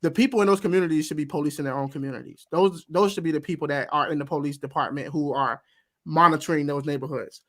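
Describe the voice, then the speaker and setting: A man's voice: on the high side, quick pace. A man hosting a panel debate, talking in an earnest, impassioned way and often repeating words as he starts a thought. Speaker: show host.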